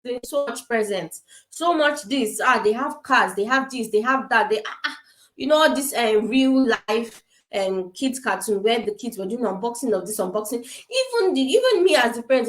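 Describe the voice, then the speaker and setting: Quick, emphatic African woman in an echoey room. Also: fairly high pitch. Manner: quick, emphatic, repeats points. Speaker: parenting speaker. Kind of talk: informal advice talk. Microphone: camera.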